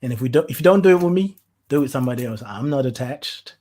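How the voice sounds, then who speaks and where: Talking rapid-fire in a mid-range voice, a podcast host gives a casual spiritual talk. The tone is heartfelt and preachy, flaring into animated rants and closing with blessings for the listener.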